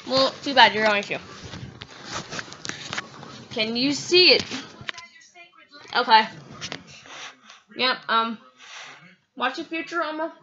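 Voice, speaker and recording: Giggly high-voiced teen girl vlogging. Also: expressive, slow pace, long pauses. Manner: giggly, self-mocking, chatty. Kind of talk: casual rambling home vlog. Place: at home, in and around the kitchen. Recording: dull lo-fi home video with faint noise.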